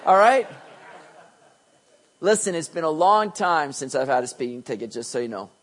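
Animated pastor preaching. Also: male voice, moderate pace. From Canada. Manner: animated storyteller, voice swings from quiet asides to excited high bursts. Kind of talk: sermon.

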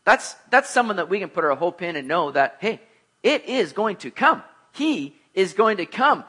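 A man's voice: sits high, sing-song, moderate pace, sharp tone, slightly rough. A man preaching a conversational sermon, mixing jokes with emphatic exhortation. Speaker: pastor.

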